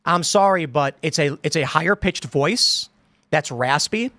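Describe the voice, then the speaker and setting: Man in his thirties, host of a political chat show. Slightly high voice, dry close sound, rambling, drops into quoted voices. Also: a little slow, sharp tone, dry recording. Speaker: podcast host.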